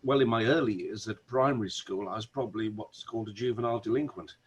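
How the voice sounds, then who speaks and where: A middle-aged man with a Wolverhampton accent, a barrister, telling animated stories as a guest on a video call. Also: fairly low pitch, fast talker, dull audio, slight background noise. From Wolverhampton, England. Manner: animated storyteller, many restarts. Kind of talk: conversational interview.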